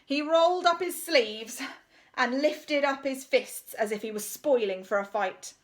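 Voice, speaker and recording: A woman's voice: high-pitched, a little slow. Playful woman reading a kids' story. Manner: playful, with spoken sound effects and asides.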